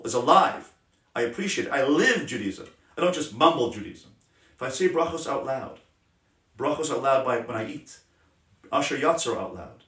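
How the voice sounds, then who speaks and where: Rabbi giving a passionate roomy lesson. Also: male voice, mid-range voice. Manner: passionate, emphatic, drops to soft gentle tones. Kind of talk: Torah class on parenting. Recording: roomy sound from a distant mic.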